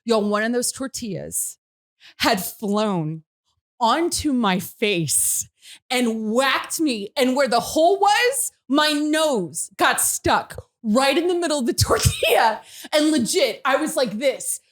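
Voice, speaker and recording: Female host, high and very animated, lively storyteller, laughs a lot. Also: slow pace. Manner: lively, laughing, shouts quoted lines. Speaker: show host. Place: radio studio.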